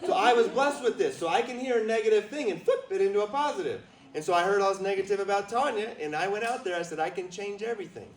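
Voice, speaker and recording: A man giving a lively storytelling talk as a motivational speaker, drawing answers from a small live audience. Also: high voice, fast talker, few pauses, reverberant, far from the mic, low-quality recording. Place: retreat meeting room with a small audience.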